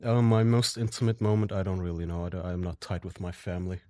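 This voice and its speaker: A man's voice: sits low, quick pace, darkish tone, no echo, studio quality. A man co-hosting a podcast, blunt and crude in casual chat. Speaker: podcast co-host.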